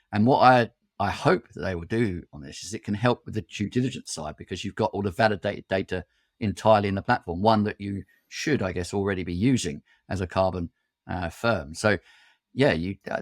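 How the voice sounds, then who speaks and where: A man co-hosting a podcast in casual chat, steady and dry-humoured. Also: low-pitched, no room sound. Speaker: podcast co-host.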